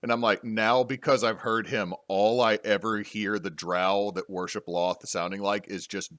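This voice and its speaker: A man's voice: on the low side, steady tone, moderate pace, a bit bright, dry recording, studio quality. A man hosting a casual panel discussion about tabletop gaming, talking loosely with many restarts. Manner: rambling, frequent restarts and fillers. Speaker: podcast host and game master.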